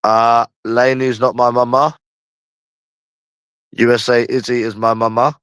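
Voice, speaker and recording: A man with a London accent chats on his own livestream, talking in loops and repeating lines over and over, at times stretching his words out slowly. His voice sits at a middling pitch, and the recording is close and dry with no room sound. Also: flat delivery, a bit bright, clear, resonant tone, dry recording. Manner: rambling and repetitive, often slow and drawn out, with slang and swearing. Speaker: livestream host. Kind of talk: casual livestream chat.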